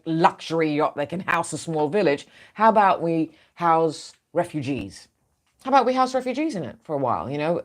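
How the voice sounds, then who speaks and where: A woman hosting an opinionated news show, outspoken and sarcastic in her asides. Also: lowish voice.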